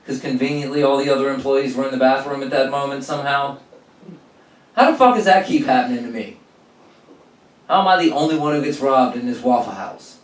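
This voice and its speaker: A young adult man doing profane, animated stand-up storytelling and acting out the people in his stories. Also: mid-range voice, fairly quick. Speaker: stand-up comedian. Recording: roomy sound from a distance.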